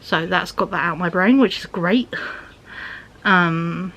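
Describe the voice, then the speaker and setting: A woman's voice: fairly low pitch, a little slow, a bit bright, rough recording. A young woman vlogging in a rambling, casual chat, often dropping to a near-whisper.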